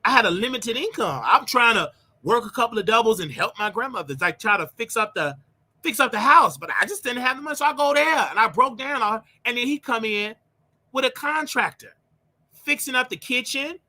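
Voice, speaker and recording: A man with a sharply bright voice relives a painful family story as a host talking straight to his listeners. He is emotional and animated, circling back over his words as he goes. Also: extremely high pitch, brisk. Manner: emotional, animated, repeats himself. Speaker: show host. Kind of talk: personal storytelling monologue.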